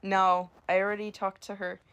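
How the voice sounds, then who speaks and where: A woman reading aloud and voicing a stubborn man who denies avoiding someone, with flat, clipped replies. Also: mid-range voice, normal speed, clear, resonant tone, close to an everyday voice. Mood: defensive. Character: defensive stubborn guy dodging a talk. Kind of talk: amateur story read-aloud.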